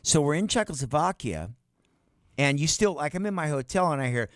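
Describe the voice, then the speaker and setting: A middle-aged man, a guest musician, telling tour stories on a radio show in an animated way, swearing and acting out other people's lines. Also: on the high side, a little fast, no room sound, studio quality. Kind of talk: casual storytelling on a radio show. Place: radio studio.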